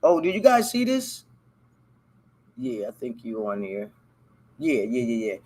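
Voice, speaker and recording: A man's voice: mid-range voice, huge pitch swings, measured pace, darkish tone, slightly rough. A man hosting a casual solo show, reading a text aloud and breaking off to comment in loose, profane slang, stumbling over hard words. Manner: loose, profane, talks back to the text he reads. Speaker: podcast host.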